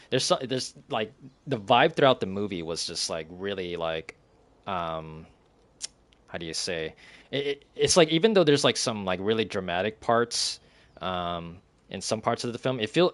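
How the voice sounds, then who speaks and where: Rambling young man with a low voice. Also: no room sound. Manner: rambling, halting, many fillers and restarts, giggly. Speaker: game streamer. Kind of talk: casual chat while streaming a game.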